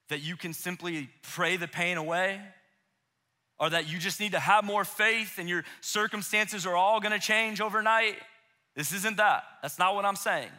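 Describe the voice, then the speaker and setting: A man in his thirties preaching a conversational sermon to young adults, acting out quoted voices and dropping to a hushed intensity for emphasis. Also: sits high. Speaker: pastor. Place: church auditorium.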